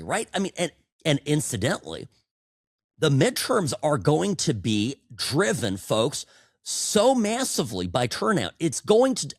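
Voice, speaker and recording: A man's voice: a little high, no echo. A man hosting a political talk podcast, delivering a sarcastic monologue that often stumbles and repeats words, into a studio microphone. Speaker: podcast host.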